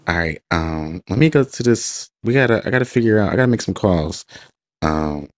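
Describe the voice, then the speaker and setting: Laid-back man with a very deep voice and a dry, close sound, casual chat. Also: expressive, normal speed, dry recording. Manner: laid-back, brief replies. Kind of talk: casual live-stream chat.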